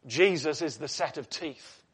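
A man preaching a sermon with a voice pitched a little above the usual male range. He teaches earnestly, stops to ask his listeners rhetorical questions, and slips in light asides. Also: measured pace, husky.

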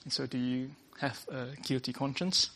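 With a gravelly, creaky, sharp-toned voice at mid pitch and moderate pace, a male preacher delivers an earnest sermon. He tends to restart phrases and lead with "uh," restating every point along the way.

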